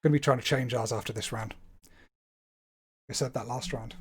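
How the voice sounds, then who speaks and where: A man's voice: medium pitch, fairly even intonation, fairly quick, a little hiss or hum. A man streaming live, talking through his gameplay in a chatty, playful way with wordy asides. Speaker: gaming streamer.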